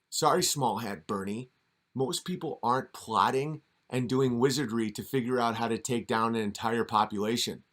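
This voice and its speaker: A man's voice: mid-range voice, moderate pace, fairly bright tone. A man giving a mocking, sarcastic comedic commentary rant while reacting to a video.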